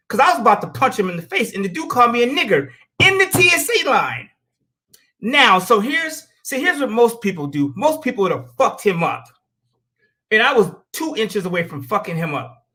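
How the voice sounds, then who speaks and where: The American host speaks briskly in a high, sharp voice with lively intonation. His show monologue is a blunt, heated, profane rant of opinions, and he tells stories by acting out the quotes.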